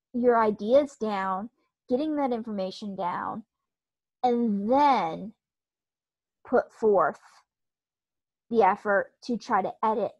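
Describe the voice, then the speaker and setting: A woman with a fairly high voice teaches writing in a recorded online lecture. She explains in a loose, conversational way and leans on examples, and the sound is dry and close, with almost no room around her. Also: dry recording, lo-fi sound. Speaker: writing instructor.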